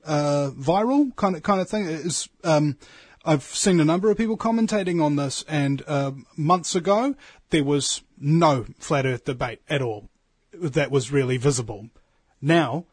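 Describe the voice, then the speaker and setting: A man's voice: on the high side, darkish tone, slightly rough, dry recording. A man hosting a casual discussion, asking leading questions in a wry way.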